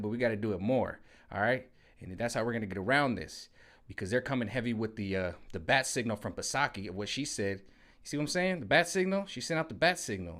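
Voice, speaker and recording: A vlogger with a medium-pitched, fairly bright voice rants casually about politics from home, sweating in the heat. He rambles, leans on slang, and repeats "you know what I'm saying" throughout.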